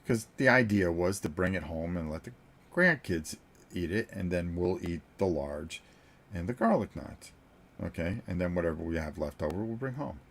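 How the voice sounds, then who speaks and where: A man's voice: deep voice, lively intonation, normal speed, gravelly, fairly bright tone. A man in his sixties, a board game channel host, telling a story to viewers in a casual, joking way and chuckling between sentences. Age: 60s.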